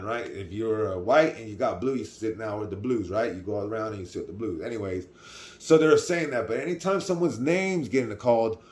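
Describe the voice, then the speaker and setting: A man's voice: mid-range voice, darkish tone, a little hiss or hum. A middle-aged man with a Californian accent telling a personal story in a casual vlog, rambling with restarts and asking "right?" as he goes. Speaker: vlogger.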